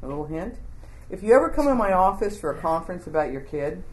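Animated woman teaching a Bible lesson. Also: fairly low pitch, quick pace, roomy sound, very noisy. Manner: animated, informal storyteller, asks the group questions.

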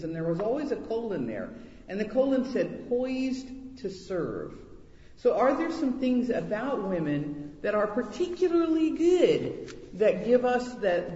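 A woman's voice: medium pitch, warm tone, lo-fi sound. Earnest woman teaching in an echoey hall. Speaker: women's Bible study teacher. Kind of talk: Bible teaching talk to women.

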